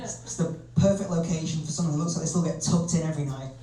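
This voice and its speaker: Northern English comic in an echoey club. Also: male voice, on the high side, quick pace. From north of England. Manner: self-deprecating, lively storytelling. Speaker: stand-up comedian. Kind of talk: stand-up comedy set. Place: comedy club stage. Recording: echoey club, distant mic, crowd.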